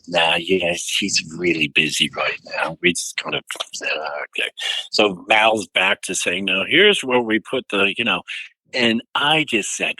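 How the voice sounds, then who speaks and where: Bright-voiced older man telling stories. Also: low-pitched, no echo, low-quality recording. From St. Louis, USA. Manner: animated anecdote-telling with quoted voices. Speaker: musician guest. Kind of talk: storytelling interview.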